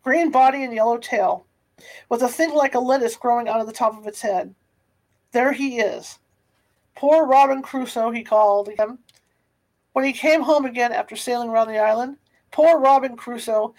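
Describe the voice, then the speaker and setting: A woman's voice: fairly high pitch, moderate pace, a little mellow, close to an everyday voice, rough recording. A woman voicing an old miserly man, tearful and eager, halfway between laughing and crying, in a storybook reading. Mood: excited.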